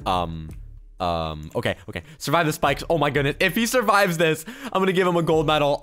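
A young man giving excited gameplay commentary, quick to yell and laugh, with loudness that swings fast. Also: on the high side, clean tone, faint music behind. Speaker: gaming YouTuber.

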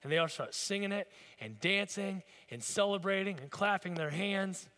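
Male pastor, bright, forceful tone, slightly higher voice, casual storytelling sermon, long church reverb. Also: normal speed. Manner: conversational, storytelling preaching. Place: church sanctuary.

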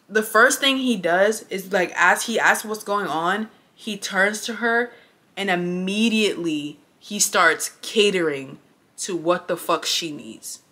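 Blunt, bright-voiced young woman vlogger. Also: mid-range voice. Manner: blunt, profane and emphatic. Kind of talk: casual storytime while getting ready.

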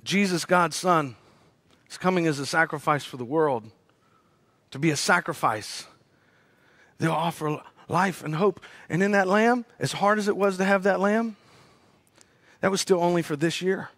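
Male pastor, high-pitched, dramatic preaching with hushed asides, dry close mic. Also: normal speed, pauses often, dry recording. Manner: dramatic preaching, swings between loud rising peaks and hushed low asides. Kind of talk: sermon.

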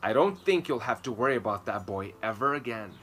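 A man voicing a kind, gentle male teacher who speaks softly and reassuringly, in a children's storybook reading. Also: fairly low pitch, brisk, a little hiss or hum. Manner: soft and reassuring.

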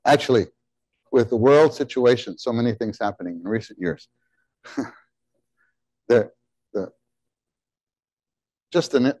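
A male preacher delivers an animated, conversational sermon, often putting questions to his listeners. He swings between emphatic, almost shouted words and soft, hushed asides, and his voice sits at a middling pitch. The sound is close and dry, with no room echo. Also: normal speed, long pauses. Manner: animated, rising to near-shouts on key words; drops into soft, quiet asides when quoting God.

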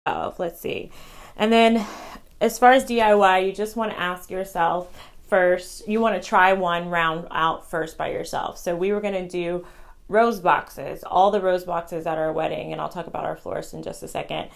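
A young woman vlogger chatting casually about her wedding, rambling and fast with many ums and restarts. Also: on the low side, steady tone, creaky. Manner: talks fast. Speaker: vlogger sharing wedding tips. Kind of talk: casual chat to camera.

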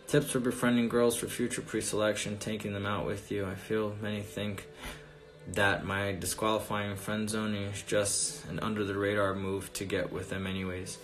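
A man coaching on dating, telling a story in a casual, profane, animated way during a live Q&A. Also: on the low side, normal speed, soft background music.

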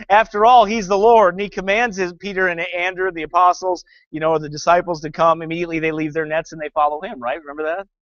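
A man preaching with fervor and biting sarcasm, a pastor taking apart a film's message line by line. His voice sits a little high for a man. The sound is dry and somewhat dull, as if recorded on modest gear in a dead room. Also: level tone, fast talker, fairly bright tone, dry recording. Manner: sarcastic, fervent preaching with scripture reading. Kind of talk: sermon critiquing a film.

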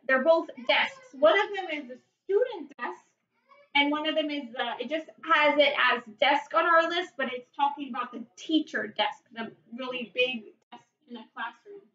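A woman teaching a vocabulary lesson, saying each word slowly and carefully. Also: sits high, fairly bright tone, distant mic. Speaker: Spanish teacher. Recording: dull, roomy sound from off-mic.

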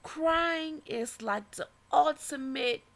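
Woman poet, spoken-word recital: slightly high, gravelly voice, preaching tone that swings between whispers and loud declarations. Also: takes it slowly.

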